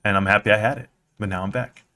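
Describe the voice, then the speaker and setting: A man in his thirties hosting a casual livestream, rambling and excitable, his voice rising loud and dropping soft. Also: fairly low pitch, fast. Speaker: livestream host. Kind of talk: casual stock-market livestream chat.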